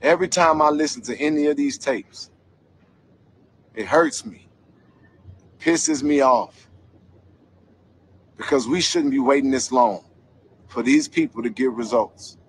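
A man's voice: medium pitch, measured pace, pauses often, husky. A man giving an angry vlog commentary rant, heated, profane and emphatic. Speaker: commentator investigating a local scandal.

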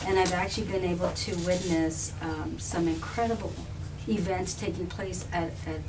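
A woman telling a personal story on a live panel, animated and often laughing, with restarts and repetitions. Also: fairly low pitch, moderate pace. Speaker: filmmaker and activist guest. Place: live event room with an audience. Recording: distant mic with background noise.

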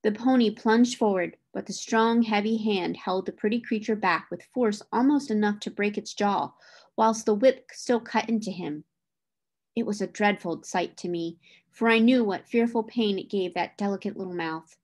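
A woman reading a classic novel aloud in a measured storytelling manner. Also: medium pitch, a little mellow. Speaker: reader.

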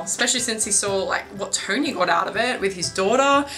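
A woman with a bright, clear voice gives a casual spoiler review of a film. She talks in a loose, chatty way, padding her thoughts with little fillers. Soft music plays faintly behind her. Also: medium pitch, expressive, fairly quick, poor audio. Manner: chatty, full of "like" and "you know" fillers. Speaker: movie reviewer.

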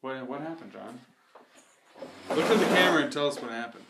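A man's voice: medium pitch, animated, brisk, creaky, far from the mic. A man teasing a drunk friend, laughing as he talks. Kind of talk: casual chat. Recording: loud noise, voice from afar.

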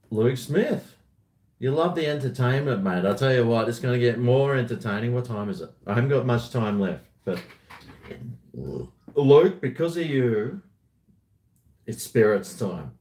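A man chatting casually on a home vlog, talking to his dog in a high sing-song voice at times. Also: expressive, slow pace, long pauses, darkish tone, echoey room. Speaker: vlogger. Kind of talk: casual chat to camera. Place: at home near a garage.

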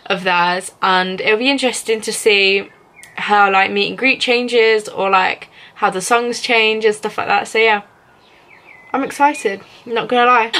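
A woman's voice: medium pitch, bright, forceful tone. A young woman from England vlogging casually to camera, rambling with many fillers and frequent giggles. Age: young adult.

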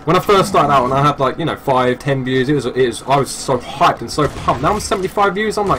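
A man from the UK, chatting casually on his game stream, excitable and repeating himself. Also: mid-range voice, fast talker, hardly any pauses, noisy background.

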